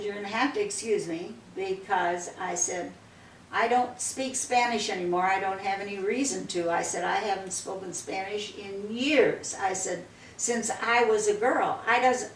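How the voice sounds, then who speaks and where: An older woman telling a long story in a relaxed, rambling way, looping back on herself with "I said" and "she said." She is taped from a distance in a roomy space, with a faint hum of background noise. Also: mid-range voice. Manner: rambling, repeats "I said" and "she said" often. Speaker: interviewee. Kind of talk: casual storytelling.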